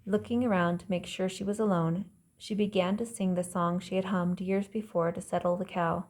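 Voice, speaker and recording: Mellow-voiced woman reading her novel. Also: on the low side. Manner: calm, measured storytelling, voicing characters lightly. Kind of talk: audiobook narration.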